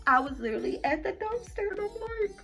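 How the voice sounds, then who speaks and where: High-pitched young woman, vlogger, animated slangy storytelling, faint music behind. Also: brisk. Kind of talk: casual storytelling vlog.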